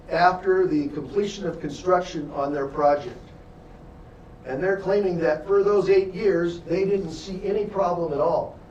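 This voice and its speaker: A man's voice: a little high, darkish tone, highs cut off. A man lecturing a class as a defense attorney, telling emphatic stories and speaking directly to the students. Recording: echoey room, distant mic, faint hum.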